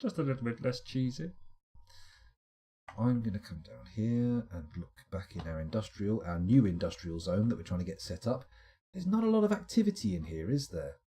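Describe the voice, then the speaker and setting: A man's voice: on the low side, very animated, normal speed, dark tone, breathy edge. A man streaming a management game, muttering his choices aloud with wry asides. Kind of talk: casual let's-play commentary.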